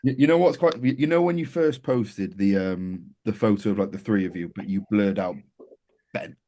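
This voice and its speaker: A man's voice: fairly low pitch, moderate pace, dark tone. A man co-hosting a podcast, rambling through stories with restarts. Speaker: podcast co-host. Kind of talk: casual podcast chat.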